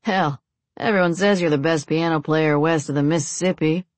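A woman's voice: low voice, steady tone, moderate pace, dry recording, close to an everyday voice. A woman voicing a crude, slightly drunk male cowboy gunman with a boorish, lightly slurred drawl. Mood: leering.

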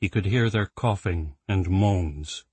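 A man narrating an audiobook in an even, measured storytelling voice. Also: deep voice, husky, no room sound. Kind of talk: scripted narration.

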